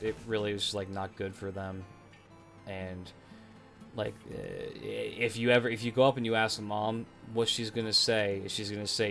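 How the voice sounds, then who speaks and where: A man's voice: on the low side, fairly bright tone. Male streamer, profane rambling storyteller, faint music under him. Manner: profane, laughing, rambling with restarts. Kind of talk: casual storytelling on a live stream.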